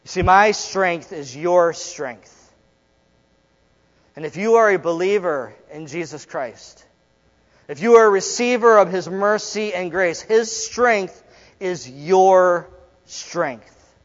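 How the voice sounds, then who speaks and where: A male pastor preaching a sermon in a church, swinging from loud emphasis to hushed, quiet lines. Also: sits high, lively intonation, unhurried, in a large hall, highs cut off. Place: church sanctuary.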